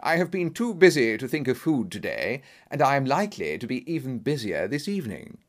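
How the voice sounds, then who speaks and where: A man voicing a calm, commanding male detective in an audiobook reading, precise and authoritative. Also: mid-range voice, brisk, close to an everyday voice.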